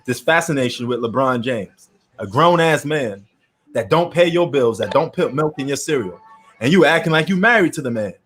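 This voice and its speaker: A man's voice: medium pitch, expressive, normal speed, fairly bright tone, faint music behind. A man from New York hosting a casual sports chat, ranting bluntly and opinionatedly in slangy talk.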